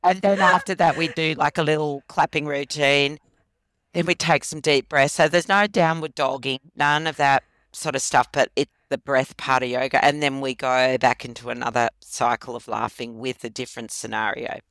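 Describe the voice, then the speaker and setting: A woman's voice: extremely low pitch, fairly even intonation, moderate pace, a bit bright, no echo. A woman guest in a casual interview, talking through a laughter exercise and laughing often.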